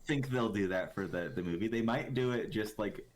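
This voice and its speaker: Deep-voiced man rambling casually. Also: moderate pace, a crowd in the background. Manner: rambling, lots of fillers and restarts. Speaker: podcast co-host. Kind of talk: casual chat.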